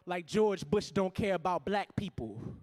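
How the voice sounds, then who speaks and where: A man with a New Orleans accent performing spoken word poetry on a live stage, with a rhythmic, punchy delivery and sudden loud bursts. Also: sits high, lively intonation, a little slow, faint music behind. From New Orleans, USA.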